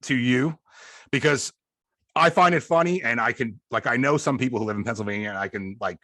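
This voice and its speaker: A man with a Long Island accent, hosting a podcast in a loose, excitable way and swearing freely. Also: mid-range voice, a little fast, dry recording, clean studio sound. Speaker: podcast host. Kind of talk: casual chat.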